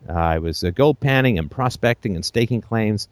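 A man's voice: on the low side, animated, moderate pace, dry recording. A man hosting a call-in show, giving blunt, emphatic advice full of profanity and jokey asides.

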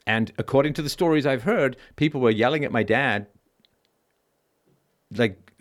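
A man's voice: mid-range voice, moderate pace. Blunt, emphatic middle-aged man hosting a call-in show. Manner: emphatic and blunt, swears, keeps asking "right?". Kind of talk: conversational call-in monologue.

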